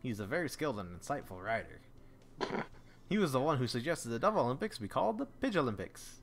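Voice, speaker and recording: Mężczyzna grający teatralnego gołębia-elegancika. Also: male voice, mid-range voice, sing-song, a little fast, a little hiss or hum. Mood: flamboyant. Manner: theatrical, sprinkles French words. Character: flamboyant chatty male pigeon student.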